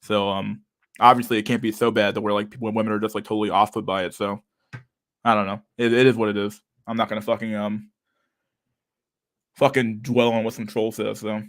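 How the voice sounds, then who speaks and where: Reading chat messages aloud on a laid-back livestream, this young male host lisps, stutters and leans on lots of fillers. He talks briskly in a flat, fairly low voice with a slightly bright quality, captured dry at studio quality.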